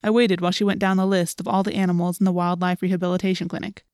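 A woman's voice: on the low side, little pitch movement, rapid-fire, a little mellow, smooth, no room sound. Female audiobook narrator, storybook read, dry close sound. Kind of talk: first-person storybook narration.

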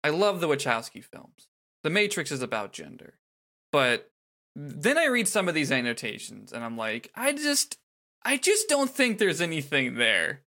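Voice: medium pitch, sing-song, normal speed, sharp tone. A podcast co-host in casual chat about song lyrics, chatty and laughing, with many restarts.

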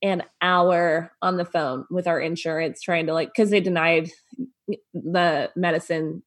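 A woman's voice: fairly low pitch, fairly even intonation, a little slow, no room sound. A pregnant young woman co-hosting a podcast, candid and wry in casual chat. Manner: sympathetic, many "aw"s, wry and candid. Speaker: podcast co-host.

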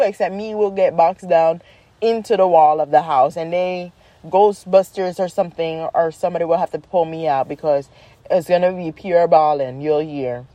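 A woman talking casually about her children, exasperated and animated, acting out the quotes as she tells the story. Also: fairly low pitch, moderate pace, no room sound. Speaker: mother, vlogger.

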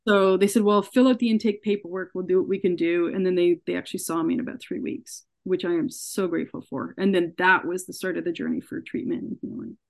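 Her voice is lowish, creaky, and darkish, and she's an expressive, fast talker with few pauses. This Canadian woman, a podcast guest, earnestly tells a personal interview story, acting out what people said to her.

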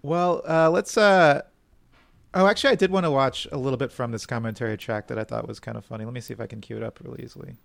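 A man's voice: mid-range voice, fairly even intonation, quick pace, creaky, dry recording. A man in his thirties co-hosting a casual chat, laughing often and hesitating with fillers. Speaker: podcast co-host.

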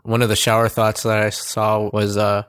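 A man's voice: fairly low pitch, monotone, normal speed, a bit bright, clear, resonant tone. A young man in his twenties, chatting casually as a co-host and laughing often. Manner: laughs often, tries out quoted voices. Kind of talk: casual chat.

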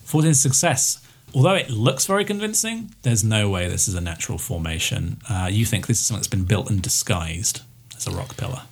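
A man's voice: on the low side, lively intonation, brisk, husky. A man running a tabletop game as game master, narrating loosely with lots of fillers.

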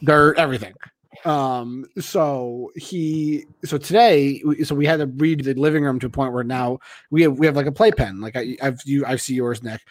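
A man's voice: medium pitch, normal speed, dry recording. A man hosting a casual podcast, rambling with many restarts and trailing off. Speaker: podcast host.

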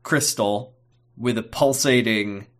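A man's voice: fairly low pitch, takes it slowly, a bit bright. A man co-hosting a podcast, chatting casually about a TV episode, rambling and hesitant with many fillers. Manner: rambling, hesitant, with goofy put-on voices. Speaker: podcast co-host. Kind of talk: casual chat recapping a TV episode.

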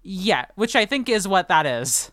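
A woman co-hosts a relaxed book podcast, rambling through the chat with plenty of fillers, restarts and frequent laughter. Her mid-range voice has a sing-song lilt and a slightly bright quality, moving at a measured pace. The recording is dry and studio-clean.

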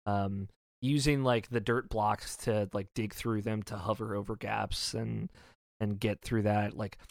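A man's voice: fairly low pitch, level tone, measured pace, gravelly, no echo, studio quality. A man reviewing a video game in a casual discussion, talking eagerly and rambling with lots of fillers. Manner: enthusiastic, rambling with many fillers.

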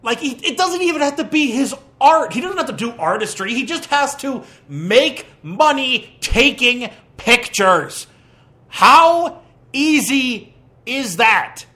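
A man hosting a podcast, ranting through a movie review in an animated, exasperated way with crude jabs. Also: very high-pitched, a little slow, few pauses. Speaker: podcast host.

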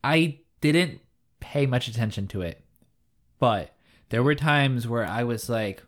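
A man's voice: medium pitch, animated, slow. A man co-hosting a podcast, talking casually and hesitantly about shows and movies. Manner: easygoing, hesitant, with ums. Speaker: podcast co-host.

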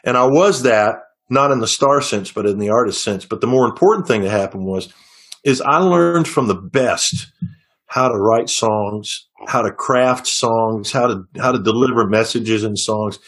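A middle-aged singer-songwriter talking casually in an interview, telling long stories with many restarts and fillers. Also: male voice, fairly low pitch, normal speed, a bit bright. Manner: rambling storyteller with frequent restarts.

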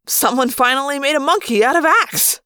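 A woman voicing a wisecracking teenage boy with a teasing, quick-witted manner. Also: medium pitch, animated, dry recording, clean studio sound, natural voice. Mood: gleeful.

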